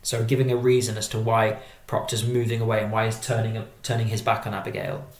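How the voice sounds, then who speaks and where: A man giving a methodical, measured drama exam-prep lesson as a teacher. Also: lowish voice, flat delivery, reverberant.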